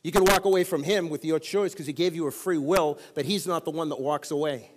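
A man's voice: a little high, fairly quick, long reverb tail, poor audio. A man preaching a sermon as pastor, calling on the congregation for responses. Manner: preaching with call-and-response prompts. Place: church sanctuary.

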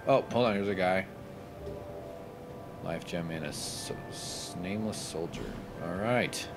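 A man's voice: deep voice, animated, unhurried, over loud music. A man giving casual, crude, sarcastic commentary over a video game playthrough. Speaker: gameplay commentator. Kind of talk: casual let's play commentary.

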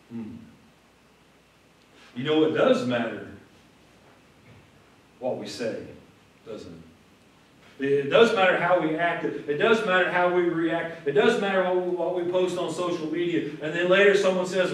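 Male pastor, fairly high voice, lively storytelling sermon, heavy room echo, mic at a distance. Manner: conversational, repeats words, acts out quotes with rising emphasis. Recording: echoey room from far off.

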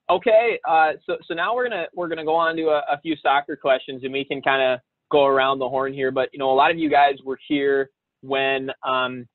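A man's voice: mid-range voice, no room sound. A man hosting a casual video call chat, chatty and repeating words as he searches for them. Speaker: host. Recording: dry tinny call audio.

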